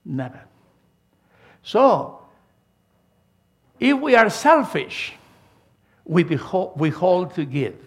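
Older preacher man, gravelly and animated. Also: sits high, takes it slowly, pauses often. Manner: emphatic preaching with a storytelling style, frequent restarts. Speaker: pastor. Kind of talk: sermon.

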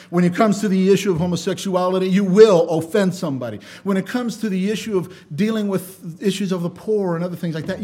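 A man preaching a sermon, swinging between loud emphasis and quiet asides, and reading scripture in a measured cadence. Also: high voice.

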